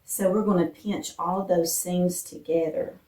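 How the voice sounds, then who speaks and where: A woman from Appalachia hosting a casual cooking vlog in her home kitchen, chatting homey with fillers, her voice a bit rough from morning. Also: lowish voice, steady tone, moderate pace, dark tone. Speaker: vlog host. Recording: roomy echo, distant mic.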